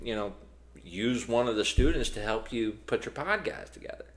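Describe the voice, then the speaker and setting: A man's voice: mid-range voice, animated, normal speed. A man co-hosting a podcast in casual chat, telling a long story with many restarts and fillers. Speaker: podcast co-host.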